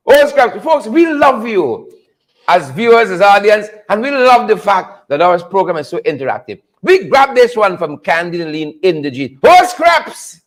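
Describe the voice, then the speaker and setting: Animated high-voiced man hosting. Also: a little slow. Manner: animated, talks to viewers by name, repeats catchphrases. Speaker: host of a live political show. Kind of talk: casual live-stream commentary.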